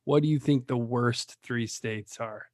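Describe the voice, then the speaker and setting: A man who runs a lead-generation business, chatting casually and telling rambling, animated stories full of fillers. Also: medium pitch, measured pace, dry recording, studio quality.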